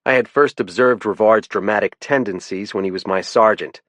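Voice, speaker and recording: A man giving measured, first-person scripted audiobook narration. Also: fairly low pitch, a bit bright, no room sound.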